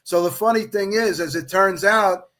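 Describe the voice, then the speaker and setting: This middle-aged podcast guest, who works as an official baseball scorer, has a high-pitched voice and talks at an ordinary speed. Chatting casually, he tells a lengthy story with lots of energy and acts out what others said in dialogue.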